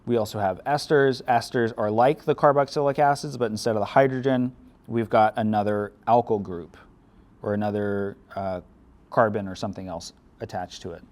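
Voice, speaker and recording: A man's voice: on the low side, fairly even intonation, normal speed, darkish tone. A man teaching a chemistry lecture, explaining step by step in a casual way with dry sarcasm. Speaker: chemistry instructor. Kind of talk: classroom lecture.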